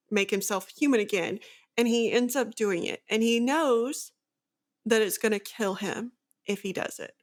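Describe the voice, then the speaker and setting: Chatty woman recapping a fantasy novel. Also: medium pitch. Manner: animated plot recap, many "like" fillers. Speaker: book podcast co-host. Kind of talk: casual book discussion.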